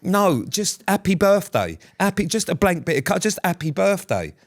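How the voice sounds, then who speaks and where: A man's voice: high voice, sing-song, normal speed. A man co-hosting a podcast, ranting bluntly in casual chat and swearing often. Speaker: podcast co-host.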